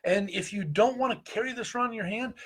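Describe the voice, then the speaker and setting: With a high-pitched, husky voice and a quick pace, this Midwestern American co-host hands out folksy, joking advice during a relaxed group chat about paranormal investigation on a show.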